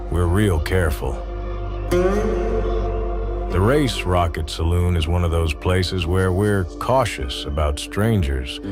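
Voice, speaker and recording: Man voicing a proud wary frontier townsman, low voice, slow folksy drawl, skit narration.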